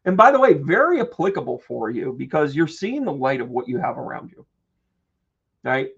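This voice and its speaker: A man hosting a live-stream tarot reading who chats with viewers, playful and joking with quick asides. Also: medium pitch, creaky, husky, dull audio. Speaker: psychic medium and tarot reader.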